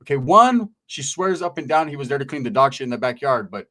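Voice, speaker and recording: A man telling a raunchy comic story in a profane, rambling, animated way. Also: mid-range voice, fast talker. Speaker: comedian.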